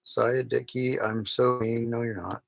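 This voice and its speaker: A man's voice: mid-range voice, flat delivery, a little slow, gravelly, dry recording, rough recording. Wry man on a dry mic. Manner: wry, drawling, reads comments aloud with mock outrage. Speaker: vlogger reading viewer comments. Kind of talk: casual live-stream chat. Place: small cabin of a sailboat at night.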